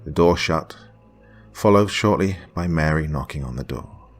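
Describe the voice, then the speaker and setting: A man reading a first-person horror story in a hushed voice that drops to whispers. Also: very deep voice, lively intonation, moderate pace. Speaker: horror podcast narrator. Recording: faint music under the voice.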